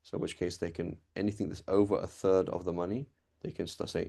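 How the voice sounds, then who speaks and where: A man with a low, gravelly voice gives a relaxed classroom lecture on religious law. His tone is dark and mellow, and he keeps checking in with listeners as he explains. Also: fast. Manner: explains conversationally with frequent "right?" checks. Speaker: teacher of Islamic law.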